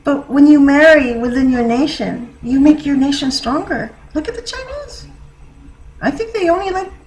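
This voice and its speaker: Woman vlogger, high voice, rambling and chatty, laughs a lot. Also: moderate pace, a little mellow, low-quality recording. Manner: laughs often, rambling with many fillers. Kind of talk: casual rambling monologue.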